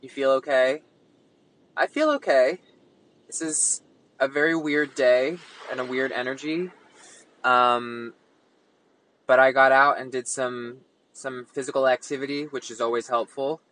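A man's voice: mid-range voice, steady tone, measured pace, pauses often, fairly bright tone, rough recording. A young man talking dramatically and sarcastically in a casual vlog. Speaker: social media creator.

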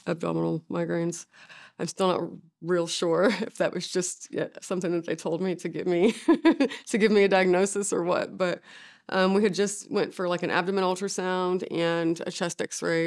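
A middle-aged woman, a bereaved mother, speaking haltingly with many fillers in a documentary interview. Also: lowish voice.

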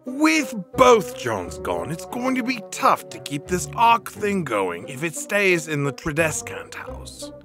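An actor playing a scheming 17th-century English gentleman collector, coaxing and theatrical. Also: on the high side, wildly swooping pitch, soft background music, full character voice. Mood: musing. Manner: theatrical, coaxing, drawn-out delivery.

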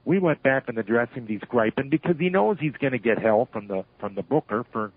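Older male storyteller, retired referee type, husky voice, phone-line sound, lively and anecdotal. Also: medium pitch, quick pace, no room sound. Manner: animated storyteller who acts out shouted quotes. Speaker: retired wrestling referee, interview guest. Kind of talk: storytelling interview.

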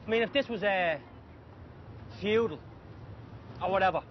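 A man's voice: sits high, moderate pace, dull audio, slight background noise, natural voice. An actor playing a nervous young male sidekick who rambles and makes wry remarks.

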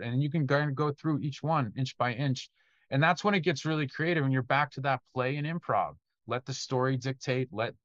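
A man's voice: medium pitch, fairly bright tone, no echo, muffled recording. A man who composes film music, answering student questions in a loose, conversational way, now and then swearing and acting out what directors tell him. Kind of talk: casual Q&A talk.

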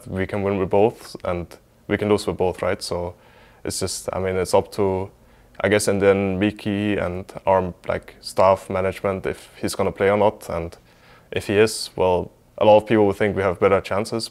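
A man's voice: deep voice, little pitch movement, moderate pace, a little mellow. A man, an esports team player, talking informally in a documentary interview, hedging often with lots of fillers.

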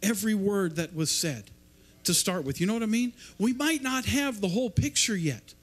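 A male preacher with a notably high voice. He speaks loosely and conversationally, stumbling over and repeating his words as he goes. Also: animated, moderate pace. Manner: rambling, repeats and restarts words. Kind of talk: informal sermon. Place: church service.

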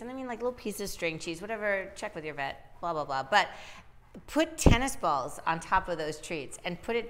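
Low-voiced woman dog trainer. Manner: lively, acts out dog and owner voices. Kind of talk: live Q&A advice.

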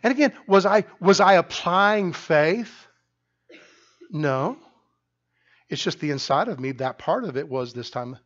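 Middle-aged male pastor, loud emphatic sermon, slightly high voice, muffled lo-fi church recording. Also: lively intonation, unhurried, long pauses. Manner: loud, emphatic preaching with frequent restarts. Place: church sanctuary.

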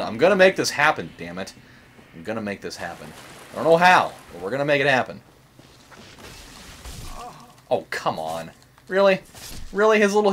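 A man's voice: medium pitch, a bit bright, slight background noise. A young man hosting a let's-play, rambling and joking in casual commentary, swearing and saying "like" a lot. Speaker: gaming channel host.

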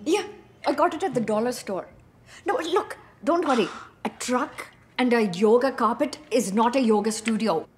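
A woman's voice: fairly high pitch, expressive, normal speed, a little hiss or hum. A woman playing a brash, salesy business consultant in a comedy sketch. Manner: brash, salesy, switches between two voices.

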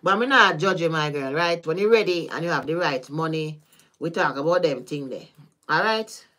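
Caribbean-accented woman, tarot reader, livestream chat, lower voice, rambling and laughing. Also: normal speed, a bit bright. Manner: chatty, laughing, drifting between topics. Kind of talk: casual livestream tarot reading.

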